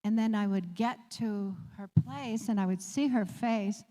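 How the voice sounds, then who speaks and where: A woman sharing a heartfelt personal story as a guest, laughing often and growing animated as she recalls. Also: medium pitch, unhurried, long reverb tail. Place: community office room.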